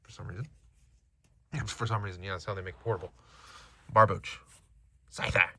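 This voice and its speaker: A man's voice: low-pitched, fast talker, no echo. A man casually chatting while opening trading card packs at home, reading out card names and stats. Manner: animated, reads card names and stats aloud.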